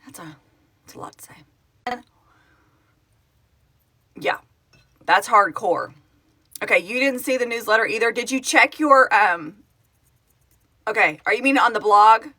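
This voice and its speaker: Woman, middle-aged, from Oklahoma, bright voice, casual phone live stream, rambling and chatty. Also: a little high, animated, normal speed, long pauses. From Oklahoma, United States. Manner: chatty, rambling, self-correcting, answers viewers aloud. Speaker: livestream host, project founder. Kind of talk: casual live-stream chat reading comments.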